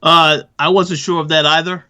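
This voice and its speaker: A man co-hosting a podcast, answering in hesitant, measured replies with fillers. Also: a little high, flat delivery, bright, forceful tone, clear, resonant tone. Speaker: podcast co-host. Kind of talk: casual discussion. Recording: dull lo-fi sound.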